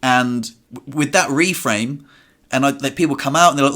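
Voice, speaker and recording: A man's voice: mid-range voice, normal speed, bright, forceful tone. A young man hosting a casual podcast conversation, with an ordinary mid-range voice. He talks in a thoughtful, storytelling way and acts out what he thought and said along the way. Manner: reflective storytelling, acting out his own inner dialogue. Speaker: podcast host. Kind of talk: casual chat.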